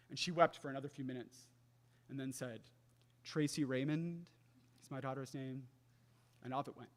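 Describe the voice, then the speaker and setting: A young man giving a faith talk, telling a personal story in an earnest way and often dropping to a soft hush. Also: mid-range voice, steady tone, normal speed, vocal fry, long pauses. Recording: long hall reverb.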